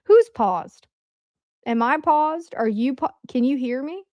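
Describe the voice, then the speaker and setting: A woman's voice: high-pitched, expressive, takes it slowly, dry recording, muffled recording. A woman co-hosting a stream from her computer at home, chatting casually and rambling through personal stories. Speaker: podcast co-host. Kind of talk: casual livestream chat.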